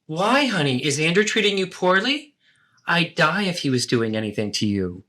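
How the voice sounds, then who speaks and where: A man's voice: on the high side, very animated, moderate pace, bright, forceful tone, pitched above the performer's own voice, full character voice. A man voicing a self-absorbed, defensive middle-aged mother in a therapeutic role-play, talking over her child. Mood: alarmed. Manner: dramatic, guilt-tripping, talks over her child.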